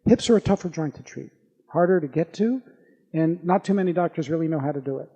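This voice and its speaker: A man, a doctor, giving a live talk to an audience and telling patient stories in an animated, anecdotal way. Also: fairly high pitch, fast talker, big-room sound, highs cut off.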